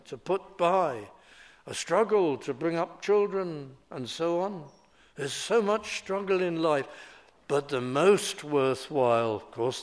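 Slow, measured preacher. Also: male voice, mid-range voice. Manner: measured expository preaching, slowing to stress quoted scripture. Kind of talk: sermon.

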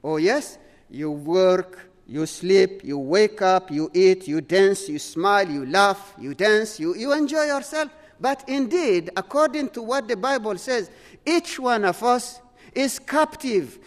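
A man's voice: high-pitched, in a large hall. A man preaching a sermon, earnest, often repeating words and restarting his sentences.

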